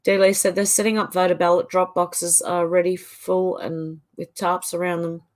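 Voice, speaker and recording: A middle-aged Australian woman hosts a livestream, chatting casually while reading out viewer comments and often trailing off mid-sentence. Her voice sits on the low side with little pitch movement, and she speaks at a moderate pace.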